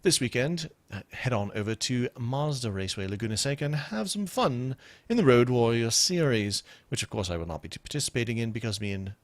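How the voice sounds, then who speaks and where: A man hosting a casual podcast from a home computer mic, talking in an animated way and laughing often. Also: medium pitch, a little fast, no echo. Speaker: podcast host.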